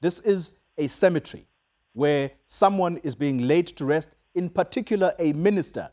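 A man's voice: on the high side, normal speed, warm tone. A man with a South African accent anchoring a live television news interview, pressing his guest with skeptical questions.

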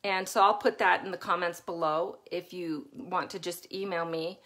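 Chatty and often laughing, a middle-aged woman coaching parents on a live stream reenacts times she yelled herself. Her voice is on the low side, her tone steady and her pace moderate.

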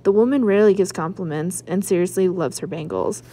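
A woman, a school librarian, reading a chapter book aloud in a lively first-person narration with hushed asides. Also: lowish voice, brisk.

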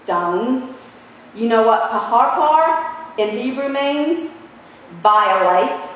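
A woman preaching a sermon in an animated way, putting questions to her listeners. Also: a little high, slow pace, slight background noise. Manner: animated, asks the audience questions. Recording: echoey hall from far off.

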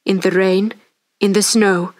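A woman doing a kind calm manservant. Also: medium pitch, a little slow, lightly acted. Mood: reassuring. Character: loyal kind male manservant.

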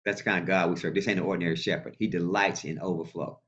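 A male pastor preaching a sermon in a colloquial, animated way and calling out to his congregation. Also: low-pitched, very fast. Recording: muffled lo-fi sound.

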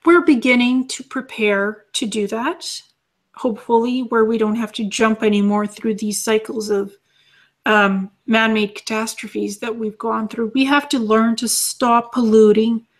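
A woman channeling as an alien being, calmly teaching and repeating her lessons as numbered lists. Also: fairly high pitch, unhurried.

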